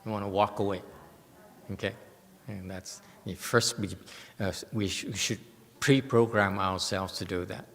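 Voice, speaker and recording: Halting man teaching in a reverberant hall. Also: fairly low pitch, steady tone, gravelly, fairly bright tone. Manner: halting, repetitive, many restarts. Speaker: meditation teacher. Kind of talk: informal dharma talk with questions. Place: meditation hall.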